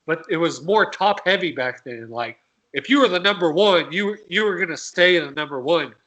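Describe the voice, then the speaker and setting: A male podcast co-host arguing an earnest sports point, catching and fixing his words as he talks. His voice is bright and forceful and sits somewhat high. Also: animated, normal speed, highs cut off. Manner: earnest, self-correcting arguer. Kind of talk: casual sports talk.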